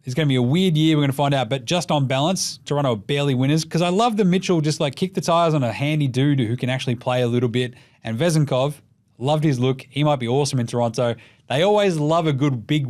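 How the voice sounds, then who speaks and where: A man's voice: medium pitch, fast. Profane, jokey Australian man. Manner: profane, jokey, animated with mocking put-on voices. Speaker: podcast host. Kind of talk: casual sports commentary.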